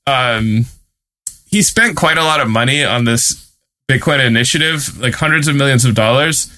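A man's voice: mid-range voice, normal speed, bright, forceful tone. A male reporter telling a story in a casual, chatty way, with many fillers and amused laughs. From United States. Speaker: guest reporter and author.

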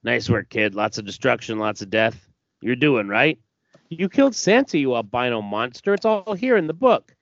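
A man's voice: mid-range voice, animated, moderate pace, a bit bright, no room sound. A man voicing a crass, brawling male alien bounty hunter, reading his crude taunts aloud in a sneering way. The recording is dull and dry. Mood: taunting.

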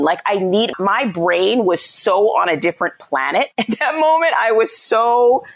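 A woman's voice: mid-range voice, lively intonation, moderate pace, hardly any pauses. A woman psychologist and parenting coach explaining her ideas in a conversational interview, often checking in with "right?".

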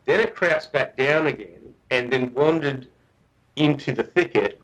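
A man, a guest researcher, telling a story in a chatty, animated way with frequent restarts. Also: medium pitch, unhurried, lo-fi sound. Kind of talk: casual storytelling.

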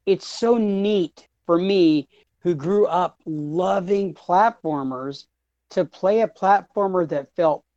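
A man's voice: sits high, slow, a little mellow, no echo, muffled recording. Rambling, laughing male podcast host. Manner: rambling, repeats words, laughs often. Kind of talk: casual podcast chat.

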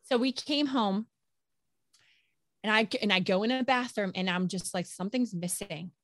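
A middle-aged woman co-hosting a podcast in casual chat, telling an animated story, acting out quoted voices and swearing freely. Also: medium pitch, normal speed, no room sound. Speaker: podcast co-host.

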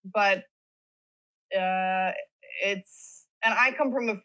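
A woman, an actress guest on a podcast, chatting casually and telling lively stories. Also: mid-range voice, drawn-out words, low-quality recording. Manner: chatty storyteller, lively retelling. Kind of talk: casual interview chat.

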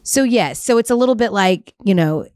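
A woman hosting a casual sports talk show, chatting with quick asides into a close studio mic. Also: medium pitch, expressive, a little mellow, no echo. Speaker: show host.

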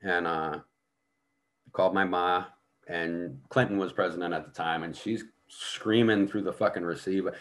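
A man's voice: low voice, steady tone, normal speed. A man telling a war story in casual talk, blunt and full of profanity. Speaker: guest.

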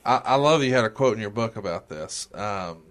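A man's voice: lowish voice, expressive, fairly quick, fairly bright tone. A man hosting a podcast interview in casual chat, chiming in with short prompts. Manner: conversational, chimes in with short prompts. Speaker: podcast host.

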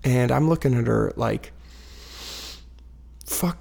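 A man in his thirties tells a story from his couch at home, with a gravelly voice and a mid pitch. He rambles in a casual, self-deprecating way, full of fillers and restarts. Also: steady tone, moderate pace. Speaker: vlogger telling a personal story. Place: living room couch at home, dog barking nearby.

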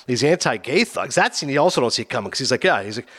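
Lively fast-talking man. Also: mid-range voice. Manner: animated, acts out film scenes in quick put-on voices. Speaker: podcast host. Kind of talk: casual movie discussion.

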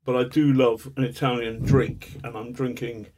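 A man being interviewed as a guest, telling stories in an animated, chatty way with chuckles. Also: medium pitch, normal speed. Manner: animated raconteur, chuckles as he talks. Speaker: guest, journalist. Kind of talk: casual storytelling interview.

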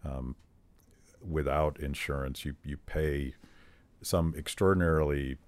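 A man hosting an interview podcast who talks in a halting way, restarting his phrases, with a wry tone. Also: rumbling low, fairly even intonation, no echo. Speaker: podcast host. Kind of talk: interview conversation.

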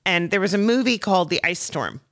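Funny middle-aged lady telling stories, kinda low voice, keeps cracking up and doing voices. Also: expressive, a little fast, fairly bright tone. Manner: laughs often, acts out voices in her stories. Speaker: guest, actress and comedian. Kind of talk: animated anecdote telling.

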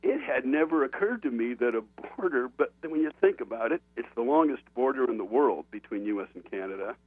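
A man, an author on an interview show, tells an animated story, laughing often and restarting his sentences. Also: mid-range voice, fast talker, husky, dry recording. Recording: tinny phone-line sound.

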